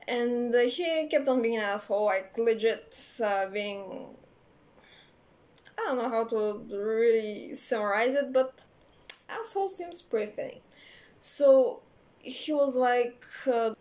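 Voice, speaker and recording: A young woman telling a personal story in a casual, rambling way, swearing freely and filling pauses with "uh" and "like". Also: a little high, lively intonation, darkish tone. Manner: rambling, profane, many fillers. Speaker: vlogger.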